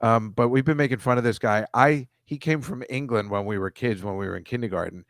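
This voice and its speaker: A man in casual podcast chat, an animated storyteller who mocks voices and makes quick asides. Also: mid-range voice, no room sound, clean studio sound.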